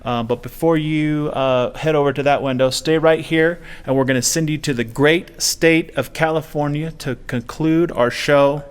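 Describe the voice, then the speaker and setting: A man's voice: on the high side, steady tone, normal speed, few pauses, clean tone. A man co-hosting a live stream, giving thanks and pointing viewers to a donation link in upbeat banter. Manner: upbeat, scripted banter with a partner. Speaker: co-host. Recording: long reverb.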